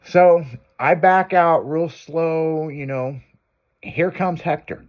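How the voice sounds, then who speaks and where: A man's voice: on the high side, moderate pace, darkish tone. A man hosting a radio show, telling a long crude story in loose casual talk.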